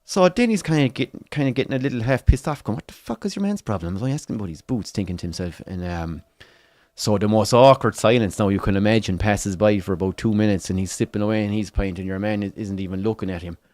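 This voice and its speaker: A man's voice: lowish voice, fast, darkish tone, dry recording. An Irish man co-hosting a football watchalong, telling a long swearing pub story and acting out the people in it. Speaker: watchalong co-host.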